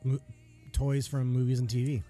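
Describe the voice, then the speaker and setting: A man's voice: mid-range voice, monotone, normal speed, mellow. A man co-hosting a podcast in loose, casual chat, with a mid-range voice. He sounds laid-back, laughs often and swears freely. Faint guitar music plays underneath. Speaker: podcast co-host.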